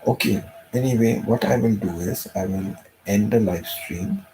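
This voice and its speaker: A man with a very low, gravelly voice that sounds dark and mellow. He speaks softly and emotionally, repeating phrases as he chats on a home live stream. A faint hiss of noise sits behind him. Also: normal speed, poor audio. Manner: soft-spoken, repeats himself, emotional. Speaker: channel host.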